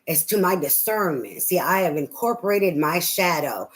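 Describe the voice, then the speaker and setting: A woman's voice: on the low side, lively intonation, moderate pace, rough recording. A woman tarot reader on a live reading, talking bluntly and profanely in a rambling, ranting way with many fillers.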